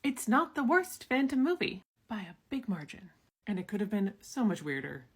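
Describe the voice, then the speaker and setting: A woman's voice: mid-range voice, very animated, normal speed, husky. A woman author giving a wry, chatty commentary straight to camera.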